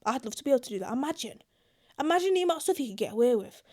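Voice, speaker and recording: A woman's voice: high voice, big pitch swings, racing, mellow. A young British woman reacting to online confessions in casual, blunt commentary, swearing freely. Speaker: YouTuber.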